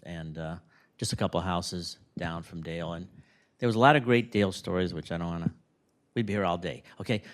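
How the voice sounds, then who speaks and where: Man, memorial service speaker, rambling funny stories, lively, retirement community room. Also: low-pitched. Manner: rambling, animated anecdotes with acted-out quotes. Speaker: neighbor giving a eulogy.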